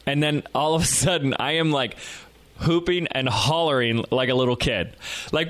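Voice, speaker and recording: A man hosting a podcast, telling a story in a rambling, animated way with lots of fillers. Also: medium pitch, no room sound. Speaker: podcast host. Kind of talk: casual storytelling monologue.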